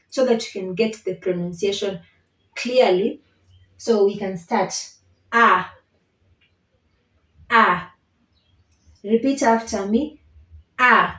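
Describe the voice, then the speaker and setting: A woman's voice: mid-range voice, darkish tone. A woman teaching a beginner language lesson, patient and encouraging, leading repeat-after-me drills and often checking in with "okay?". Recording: roomy, distant mic.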